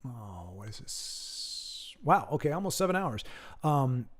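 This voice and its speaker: A man's voice: medium pitch, big pitch swings, slow. A man giving casual, self-deprecating live-stream commentary on a card game match. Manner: rambling, self-deprecating, joking. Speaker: streamer and caster.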